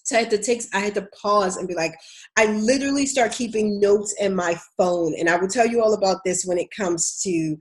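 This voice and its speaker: A woman with a Baltimore accent talks straight to her live-stream viewers as a career coach. Her voice sits at an ordinary pitch for a woman. Her delivery is candid and chatty, and she calls her listeners "y'all.". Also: a little fast.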